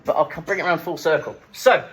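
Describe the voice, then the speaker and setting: A man's voice: fairly high pitch, fast talker, a bit bright, a little hiss or hum. Chatty English man giving a comic talk. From England. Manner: chatty, self-mocking, jokey asides to the audience. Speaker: festival speaker. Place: live event room with an audience.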